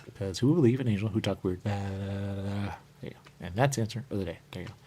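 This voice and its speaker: A radio show host, a man with a lowish voice, talks very fast through a rambling, repetitive talk-show monologue with background noise behind him. He keeps circling back to the same phrases, slips into sing-song murmurs, and repeatedly says "there you go."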